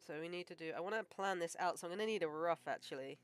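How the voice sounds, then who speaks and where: A woman animator chatting casually on a live stream while she draws, joking and thinking out loud. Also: on the low side, fast, clear, resonant tone. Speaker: animator streaming her work.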